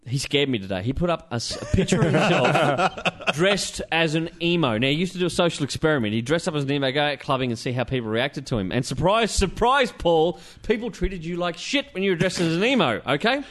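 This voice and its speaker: A man's voice: a little high, animated, fairly quick, few pauses, fairly bright tone. An Australian man hosting a podcast in casual banter, rambling, swearing and laughing as he talks. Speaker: podcast host.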